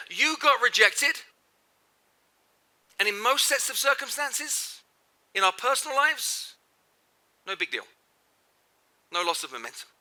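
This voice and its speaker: A man's voice: high voice, pushed and bright. A middle-aged man giving a motivational keynote to a live audience, emphatic and repetitive, firing questions at the crowd. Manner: emphatic, repeats phrases for effect, asks the audience questions. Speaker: keynote speaker. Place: large hall before a live audience.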